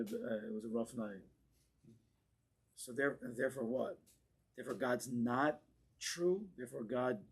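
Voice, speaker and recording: A man, a rabbi, giving an impassioned Torah class in a congregation hall, moving between quiet asides and forceful exclamations. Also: medium pitch, slightly rough. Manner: fervent and emphatic, swings from hushed asides to forceful exclamations.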